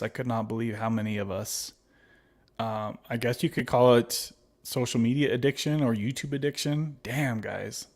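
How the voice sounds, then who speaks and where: A man's voice: medium pitch, darkish tone. A man hosting a casual livestream, reading viewer comments aloud and answering them, laughing often and calling viewers buddy. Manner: laughs often, reads chat aloud and replies; friendly, calls viewers babies and buddy. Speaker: livestream host.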